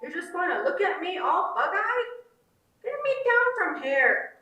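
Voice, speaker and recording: A bossy, doting mother speaks through a household smart speaker in a high, scolding lilt, as a woman reading aloud puts her on. Her words come slowly, with a big echoing room around her and the mic some way off. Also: sing-song, a bit bright, faint music behind, heavily acted. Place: conference room. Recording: roomy hall from far off.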